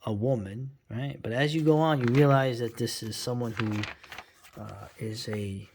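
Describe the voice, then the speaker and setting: A man's voice: medium pitch, moderate pace, a little mellow, slight background noise. A middle-aged man giving a rambling, sarcastic reaction commentary, full of fillers and restarts.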